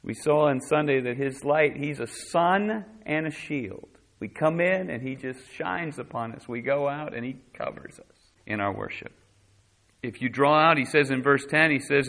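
Impassioned preacher man, bright tone. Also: mid-range voice, moderate pace. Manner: impassioned, swings from hushed to loud bursts; reads scripture aloud in King James wording. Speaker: pastor. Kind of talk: sermon.

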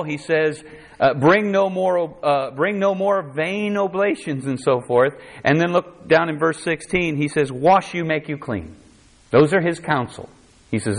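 A man's voice: on the high side, a bit bright. A man preaching a conversational sermon, quoting scripture in a dramatic voice. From United States.

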